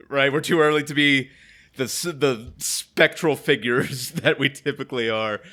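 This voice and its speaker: A male comedy podcast host chats casually and laughs often, joking at his own expense. His voice is bright and forceful. He speaks at an unhurried pace. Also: mid-range voice. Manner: laughs often, self-deprecating.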